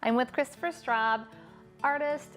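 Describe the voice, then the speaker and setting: A woman's voice: sits high, unhurried, a bit bright, faint music behind. A middle-aged woman hosting a family show, bubbly and enthusiastic as she introduces guests and asks questions. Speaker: host. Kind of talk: upbeat show hosting and interviewing.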